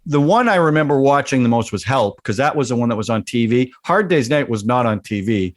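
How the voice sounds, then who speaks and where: A man's voice: mid-range voice, expressive, fairly quick. A man hosting a casual podcast, chatting and asking his guests questions. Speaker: host.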